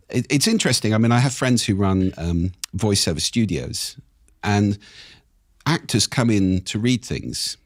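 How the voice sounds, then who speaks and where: A man, a speaking expert and podcast guest, explaining things in a measured way with examples, his voice a little croaky. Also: low voice, no echo, studio quality. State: slightly croaky. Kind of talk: explanatory interview talk. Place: podcast studio.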